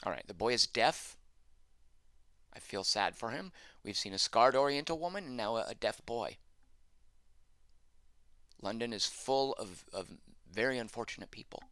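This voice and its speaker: A man's voice: lowish voice, pushed and bright, clear, resonant tone, no room sound. A man streaming a text adventure, reading the game text aloud and adding wry, sarcastic asides.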